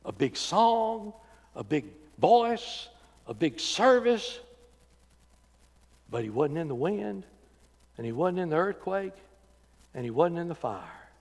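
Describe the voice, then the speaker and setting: A man preaching a sermon as pastor, swinging from loud emphatic calls to quiet, intimate talk. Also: medium pitch, vocal fry, slightly rough. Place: church sanctuary. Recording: church sanctuary with long reverb.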